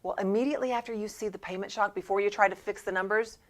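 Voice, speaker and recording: A woman's voice: medium pitch, steady tone, fast. Punchy woman sales coach. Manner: emphatic, punchy coaching delivery. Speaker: sales trainer and show host. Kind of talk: scripted sales training talk.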